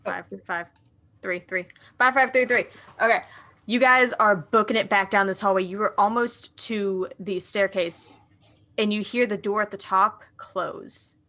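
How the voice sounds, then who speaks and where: A woman narrating a live tabletop role-playing game as game master, setting scenes in a measured, descriptive way. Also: medium pitch, bright, forceful tone.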